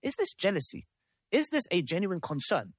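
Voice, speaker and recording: A man's voice: sits high, huge pitch swings, normal speed, slightly rough. A man leads a live panel discussion and reads messages aloud, breaking off for asides and checks with the room. His voice rises and falls a great deal. The sound is close and dry, with little room echo. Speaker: host of a debate panel.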